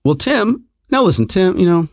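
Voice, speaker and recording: A middle-aged man hosting a podcast, telling a comic story in an exasperated, animated, self-mocking way. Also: high-pitched, moderate pace, no echo.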